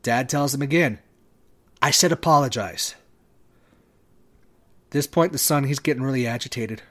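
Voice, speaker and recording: A man hosting a devotional podcast, speaking in a measured way with long pauses. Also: mid-range voice. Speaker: podcast host. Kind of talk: devotional talk.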